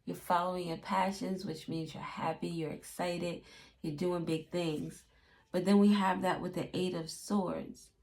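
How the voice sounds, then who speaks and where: A woman's voice: on the low side, little pitch movement, unhurried, a little mellow. A woman giving a casual tarot reading, chatty and acting out little quotes in playful voices. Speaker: tarot reader.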